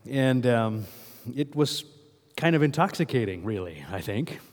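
A man's voice: medium pitch, lively intonation, unhurried, long reverb tail. A male pastor giving a sermon in a conversational way, often asking the congregation questions.

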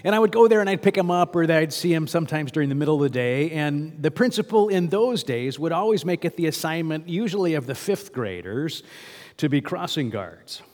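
A man's voice: fairly high pitch, expressive, fairly quick, a little mellow, big-room sound. A male pastor giving a sermon in a conversational way, often asking the congregation questions.

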